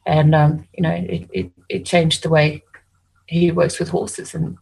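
A woman's voice: low voice, little pitch movement, a little slow, vocal fry, a little mellow, slightly rough, rough recording. An Australian woman working as an animal communicator and hypnotist. She tells stories in casual conversation, rambling, restarting often and saying "you know" a lot.

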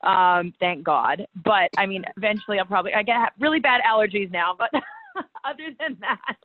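A woman wrestler in a casual interview, telling stories with lively quoted voices and frequent laughter. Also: mid-range voice, normal speed. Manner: animated storyteller, acts out quotes, laughs often. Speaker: guest, pro wrestler. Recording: tinny phone-like line.

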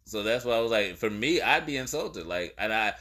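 A young man on a podcast tells a story with lots of energy, acting out each voice in it. His voice is bright and forward, and it rises high when he gets worked up. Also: a little fast. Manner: animated storyteller, acts out quoted exchanges. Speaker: podcast co-host. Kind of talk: casual chat.

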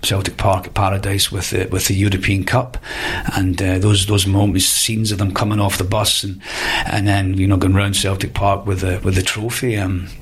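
Rambling Scottish man with a low voice. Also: monotone, normal speed, slightly rough. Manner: rambling, hesitant, many fillers. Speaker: guest, actor. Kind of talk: podcast interview, anecdote telling.

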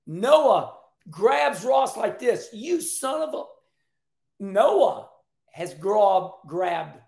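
A man hosts a show with animated, emphatic commentary, repeating his points. His voice is high and gravelly. The room has an echo. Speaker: host. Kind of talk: casual race commentary.

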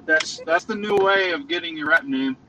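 A male rapper as a guest on a video call, halting and deadpan, with many uhs. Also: a little high, heavy background noise. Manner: hesitant, deadpan, full of uhs. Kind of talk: casual chat.

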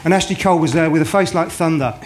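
A man's voice: fairly high pitch, fast talker. A middle-aged man telling an anecdote on a live podcast, hesitant and full of fillers. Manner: storytelling with many hesitations.

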